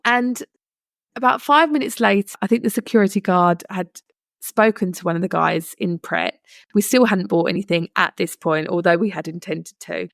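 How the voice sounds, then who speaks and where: A young woman hosts her own podcast and tells a story in a relaxed, earnest way, often adding "you know" as she goes. Her voice has a gravelly fry. The sound is close and dry, with no room around it. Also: mid-range voice, moderate pace, dry recording. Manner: chatty, earnest, many "you know" asides. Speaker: podcast host. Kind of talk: casual storytelling monologue.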